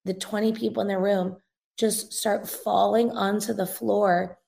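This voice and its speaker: This young woman guest, a revivalist minister in an interview, recounts an earnest, emotional testimony loosely and conversationally. Her mid-range voice is gravelly, slightly fried and mellow, with little pitch movement and a somewhat slow pace.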